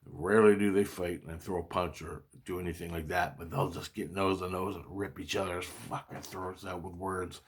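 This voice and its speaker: A man telling a personal story in a casual, rambling monologue, excitable and profane, repeating his exclamations. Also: low-pitched, moderate pace, hardly any pauses.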